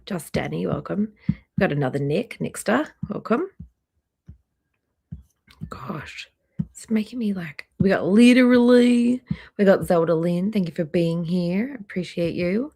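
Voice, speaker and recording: A woman hosting a casual live stream, chatty and greeting viewers by name one after another, a little hoarse, talking into a laptop microphone indoors. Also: lowish voice, lively intonation, a little slow, pauses often, warm tone. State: slightly hoarse, clearing throat. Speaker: livestream host. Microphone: laptop microphone near trackpad.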